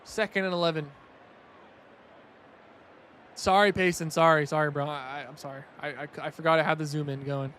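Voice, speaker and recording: A young man giving casual play-by-play commentary on a video game match, excitable on big plays and chatting with his stream viewers. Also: a little high, moderate pace, long pauses, a little hiss or hum. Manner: excitable, rising loud on big plays, chatty asides to chat.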